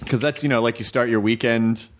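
A man's voice: medium pitch, fairly even intonation, brisk, noisy background. A man hosting a podcast, brainstorming playfully with crude jokes and frequent restarts. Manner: playful, profane, thinks aloud with restarts. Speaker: podcast host. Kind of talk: casual chat.

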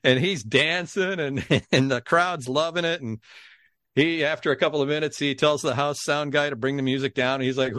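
A middle-aged man, a podcast guest, telling a story in a lively way and acting out the people in it. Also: a little high, normal speed, no echo, studio quality. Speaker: podcast guest, game show announcer. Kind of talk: animated storytelling.

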